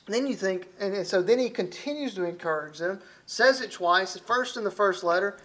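A man's voice: high-pitched, expressive, moderate pace, pushed and bright. A middle-aged man from Alabama with a Southern accent, preaching a sermon in a folksy, conversational way with frequent restarts. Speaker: visiting preacher.

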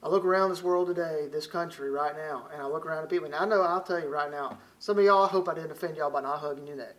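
High-voiced Southern preacher from Alabama. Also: male voice, fast talker, a bit bright. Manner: folksy, conversational preaching with frequent restarts. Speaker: visiting preacher. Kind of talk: sermon.

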